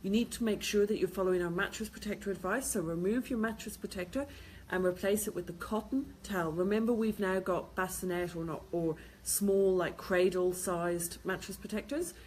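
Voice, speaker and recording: A woman's voice: mid-range voice, steady tone, normal speed, darkish tone, a little hiss or hum. A woman host answering viewers' questions on baby sleep, giving practical advice and repeating key points. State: tired, yawning.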